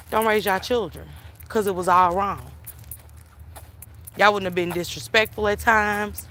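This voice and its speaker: A middle-aged woman hosting a livestream, telling stories in an animated, emphatic way, with plenty of swearing, while she walks outdoors and talks into her phone. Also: medium pitch. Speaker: livestream host. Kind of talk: casual storytelling chat. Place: outdoors, walking through town.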